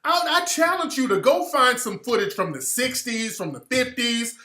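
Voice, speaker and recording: A man's voice: very high voice, expressive, moderate pace, pushed and bright, roomy sound. A man from Alabama giving an emphatic, opinionated monologue as a commentator, hammering his points home with repetition. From Alabama, US South.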